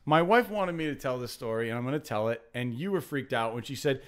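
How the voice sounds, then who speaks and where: A man's voice: medium pitch, lively intonation, a little fast, few pauses. A young adult man hosting a podcast, telling a rambling story in casual banter with lots of fillers and restarts. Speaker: podcast host.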